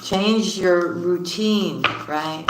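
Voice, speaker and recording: A woman's voice: lowish voice, drawn-out words, noisy background. A woman giving a casual tarot reading, laughing often and repeating her phrases. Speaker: tarot card reader. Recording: roomy echoey room.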